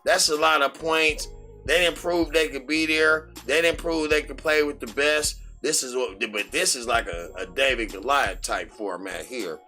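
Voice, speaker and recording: A man hosting a sports betting show, rambling loosely with lots of "man" and sudden loud outbursts. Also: mid-range voice, moderate pace, soft background music. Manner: rambling, repetitive, fillers like "man". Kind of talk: casual sports betting talk.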